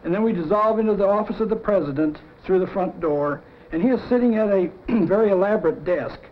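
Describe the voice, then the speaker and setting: A middle-aged man, a cartoon story man, pitching a storyboard animatedly and acting out sound effects as he goes. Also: brisk. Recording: dull lo-fi 1950s TV audio.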